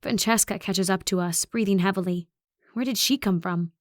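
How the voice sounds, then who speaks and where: A woman's voice: mid-range voice, normal speed, dry recording, studio quality. Woman narrating a tense horror audiobook. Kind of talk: first-person horror narration.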